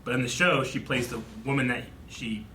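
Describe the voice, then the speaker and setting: A man's voice: medium pitch, normal speed, roomy sound, noisy background. A man hosting a casual reaction chat, talking through a TV episode with friends and often trailing off mid-thought. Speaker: show host reacting to TV.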